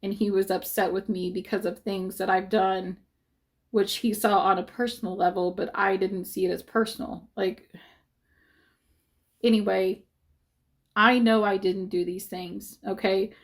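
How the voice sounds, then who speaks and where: A woman's voice: mid-range voice, little pitch movement, measured pace. Rambling, upset woman vlogger. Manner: rambling, frequent fillers and self-corrections; upset and defensive. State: close to tears at times. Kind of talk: casual talk to viewers.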